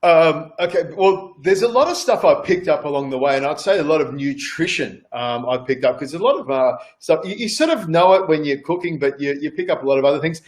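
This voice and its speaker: A man's voice: on the high side, animated, brisk, hardly any pauses. A man with an Australian accent, a chef chatting casually as a guest, rambling and repeating words with many fillers. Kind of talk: casual chat on a video call.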